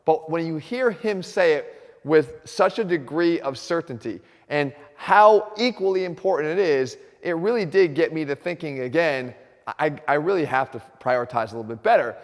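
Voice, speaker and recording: A man's voice: a little high, expressive, normal speed. A male fitness coach filmed in a gym, addressing viewers directly and energetically as he explains his training approach. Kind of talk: instructional fitness video. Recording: reverberant gym room.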